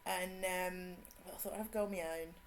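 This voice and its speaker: A woman's voice: fairly low pitch, fairly even intonation, brisk, a little hiss or hum. Bubbly english lady streamer, kind of brummie cockney mix, chatting w chat while she plays. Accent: English, mixed Suffolk, Cockney and Brummie. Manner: chatty and bubbly, greets viewers, laughs often. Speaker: game streamer. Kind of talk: casual live-stream chat.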